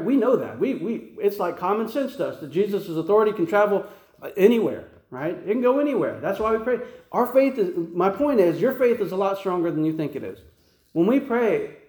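A man preaches a conversational sermon in a relaxed, folksy way, repeating words as he thinks and checking in with "right?" His voice is high-pitched yet soft and warm. The room carries a noticeable echo.

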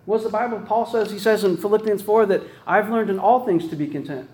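Man, high voice, casual preacher, chatty sermon, keeps asking "right?", echoey room. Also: quick pace, darkish tone. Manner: casual, peppered with "right?" tag questions and restarts. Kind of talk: conversational sermon.

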